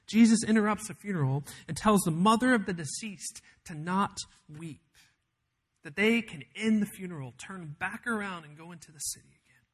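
A man preaching a sermon as pastor, telling a story with emphatic build-ups and dramatic pauses. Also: sits high, fairly bright tone, slightly rough.

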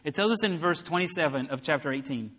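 Bright-voiced man preaching in a hall. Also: on the high side, lively intonation, fast. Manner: expository Bible preaching with paraphrase. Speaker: pastor. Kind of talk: sermon. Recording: long hall reverb.

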